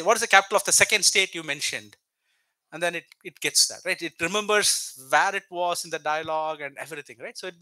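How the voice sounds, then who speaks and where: Male lecturer, high bright voice, patient step-by-step explainer, close dry recording. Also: dry recording, low-quality recording. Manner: explains step by step, with frequent tag questions. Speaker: professor giving a lecture. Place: lecture hall.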